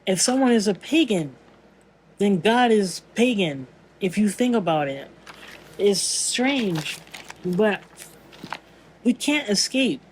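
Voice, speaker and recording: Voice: medium pitch, lively intonation, slow pace, long pauses, slight background noise, low-quality recording. A vlogger in a casual spiritual monologue, earnest and musing, often searching for words and restarting sentences.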